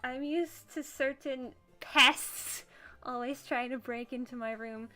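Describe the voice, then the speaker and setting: A hulking, unhinged fanboy with an axe, as a woman puts him on, squealing in a high, bright voice and stammering with giddy excitement. Faint game music plays behind him. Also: slow, full character voice. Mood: sheepish. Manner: overexcited, bursts out loud. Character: huge overexcited male fan with an axe, unhinged. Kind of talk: visual novel voice acting.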